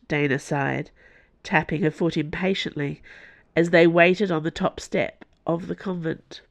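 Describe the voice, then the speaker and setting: A woman narrating an audiobook in a slow, measured reading. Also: low-pitched, steady tone, no room sound.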